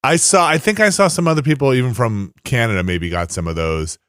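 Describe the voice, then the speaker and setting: A man's voice: medium pitch, brisk, a bit bright, clean tone, no echo, studio quality. A man hosting a casual podcast, telling rambling stories with many restarts. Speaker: podcast host.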